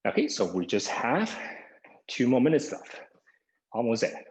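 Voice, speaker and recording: A man's voice: medium pitch, huge pitch swings, unhurried, darkish tone, poor audio. A man instructing a live online exercise class, a little out of breath, opening nearly every cue with "okay" and counting down the seconds. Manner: begins most cues with "okay", counts down seconds. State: somewhat out of breath. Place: home via video call. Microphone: video call microphone.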